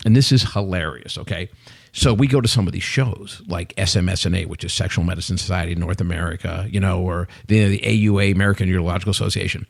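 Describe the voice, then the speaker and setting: A man, a guest on a podcast, telling animated anecdotes and acting out what people said in a casual chat. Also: deep voice, fast, creaky. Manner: animated anecdotes with acted-out quotes. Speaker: guest, company executive. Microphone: podcast studio mic.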